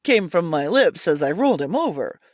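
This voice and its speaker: A woman narrating a hardboiled comic mystery story in a wry, deadpan, theatrical way. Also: fairly low pitch, normal speed, noisy background.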